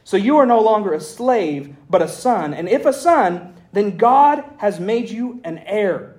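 A man preaching a sermon as pastor, reading scripture aloud in an animated way with folksy asides. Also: sits high, measured pace.

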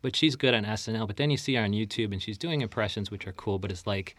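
A man with a fairly low, bright, forward-sounding voice hosting a casual chat. He rambles, swears freely and jokes as he asks questions. The sound is close and dry. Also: fast, no echo. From Chicago area. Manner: loose, profane, rambling and jokey.

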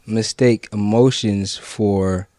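A man co-hosting a faith podcast, talking in a relaxed, slangy, conversational way. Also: on the low side, takes it slowly, dry recording. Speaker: podcast co-host. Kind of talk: casual chat about prayer.

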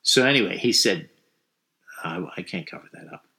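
A man's voice: low-pitched, lively intonation, moderate pace, pushed and bright. A middle-aged man from the New York area telling a rambling story in casual chat, full of fillers and swearing.

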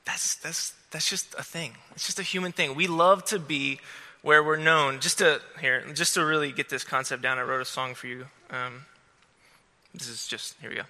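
A man's voice: a little high, fairly even intonation, moderate pace, sharp tone, in a large hall. A man giving a casual, rambling sermon to students, full of restarts and fillers.

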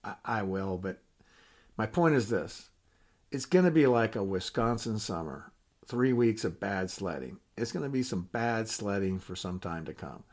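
A man's voice: lowish voice, animated, normal speed, a little mellow. Retired man hosting a folksy podcast. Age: older. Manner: folksy, candid, self-deprecating, with frequent restarts. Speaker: podcast host. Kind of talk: casual podcast monologue.

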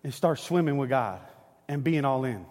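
A middle-aged man preaching a sermon, telling a family story in a lively, conversational way. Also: medium pitch, normal speed, a little hiss or hum. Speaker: pastor. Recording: long hall reverb.

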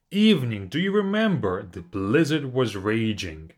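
A man teaching a language class, reciting poems slowly and expressively, then explaining each line in a reflective, halting way. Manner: slow, expressive recitation with lively pitch. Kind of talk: reading and explaining poetry.

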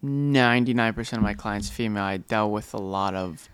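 A young man co-hosting a casual couple's podcast, relaxed and agreeable, with lots of filler words. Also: fairly low pitch, fairly quick. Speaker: podcast co-host.

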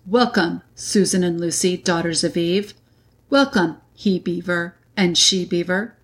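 A woman reading aloud, voicing a majestic male lion king who is calm and solemn, in a slow, grave way. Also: on the low side. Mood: solemn, kind.

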